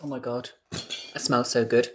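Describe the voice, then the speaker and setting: A man's voice: medium pitch, measured pace, slight background noise. Camp, chatty British man vlogging. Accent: British English. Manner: camp and chatty, swears freely, animated. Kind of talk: casual vlog chat to camera. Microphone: phone camera.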